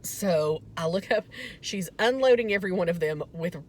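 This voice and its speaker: A woman's voice: lowish voice, lively intonation, moderate pace, a little mellow. A young woman from the American South, telling a chatty, self-mocking vlog story that turns earnest. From Southern United States. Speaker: vlogger.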